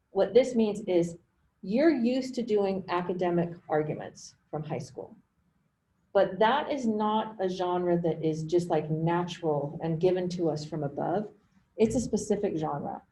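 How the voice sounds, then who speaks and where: A woman's voice: on the low side, dark tone, low-quality recording. A woman college writing instructor giving an online class lecture over a video call, talking conversationally and often checking in with "okay?".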